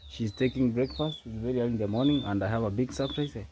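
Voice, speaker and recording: A young man talks to camera at a rural family home, eager and effusive, often repeating his words. His voice sits at a middle pitch for a man. Farm noise from chickens and a rooster comes through clearly in this outdoor recording. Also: quick pace. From Kenya. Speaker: vlogger. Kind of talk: casual vlog talk to camera.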